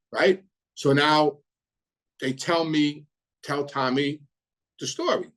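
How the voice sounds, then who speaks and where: A man's voice: mid-range voice, moderate pace, low-quality recording. A middle-aged man hosting his own channel, recounting his past in a casual, rambling monologue full of repeats and "you know"s.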